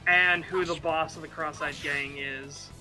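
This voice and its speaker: A high-pitched man chats loosely on a stream, laughing often and swearing as he goes. Game music plays clearly behind his voice. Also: fairly even intonation, unhurried, sharp tone. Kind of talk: casual stream chat.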